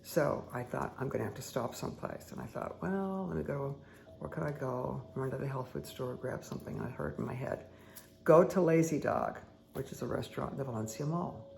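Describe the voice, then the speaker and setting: A woman hosting a meditation and tarot session, talking casually with a croaky, dry-throated voice and rambling, friendly asides to her viewers at home. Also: a bass voice, a little fast, a little mellow, a little hiss or hum. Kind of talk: casual chatty talk to viewers.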